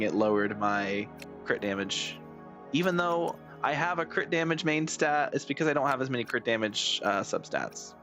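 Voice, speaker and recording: A man with a rough, hoarse voice giving casual gameplay commentary as a streamer, rambling, thinking out loud and swearing a lot. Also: lowish voice, expressive, moderate pace, soft background music. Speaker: game streamer.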